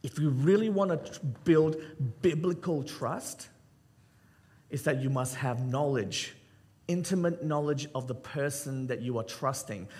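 A man's voice: a little high, a little mellow. A man pastor preaching a sermon, joking with the congregation and acting out Bible scenes and everyday skits. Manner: addresses the congregation with quick asides.

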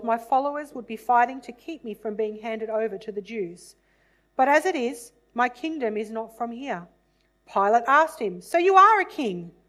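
A woman reading a Bible passage aloud in a measured, solemn way, then reflecting on it. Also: fairly high pitch, rough recording.

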